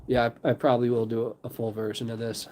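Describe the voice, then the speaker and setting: A man's voice: medium pitch, flat delivery, fast, dark tone. A man hosting a live stream in casual chat, rambling with lots of fillers.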